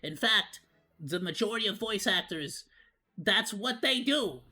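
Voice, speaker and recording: A male VTuber talking in a put-on, high, cartoonish monkey voice, rambling with lots of fillers and restarts. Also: animated, measured pace, sharp tone. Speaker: VTuber streamer. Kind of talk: casual reaction stream.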